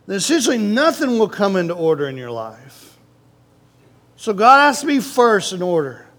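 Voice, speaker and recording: A man with a high voice preaching a sermon. He talks straight to the congregation, asks them questions and leans hard on each point. He sounds like a pastor in front of his church.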